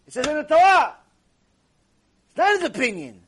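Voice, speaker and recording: A man's voice: extremely high pitch, very animated, normal speed, slight background noise. A man giving a Torah ethics lecture as a rabbi, emphatic and argumentative, firing off rhetorical questions.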